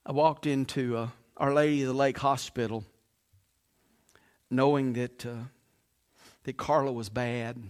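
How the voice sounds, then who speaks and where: A middle-aged man, a pastor preaching a sermon, telling a story with many restarts and then pressing his point with emphasis. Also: medium pitch.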